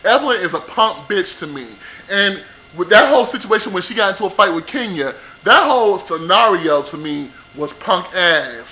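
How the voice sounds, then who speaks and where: High bright sassy man ranting profanely. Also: expressive, normal speed, slight background noise, poor audio. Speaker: vlogger reviewing a reality show. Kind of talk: casual ranting review. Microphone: computer mic.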